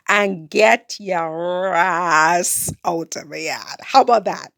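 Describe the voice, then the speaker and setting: A woman from the Caribbean talks through a casual vlog in a rambling, chatty way. Her voice has a gravelly, fry-laced edge, and her pitch swings widely. The sound is close and dry, with no room around it. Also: no echo. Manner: rambling, chatty, bursts of laughter. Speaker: YouTuber.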